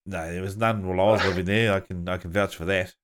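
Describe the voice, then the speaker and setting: A man hosting a casual family podcast chat, relaxed and laughing often. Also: low voice, fast. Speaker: podcast host.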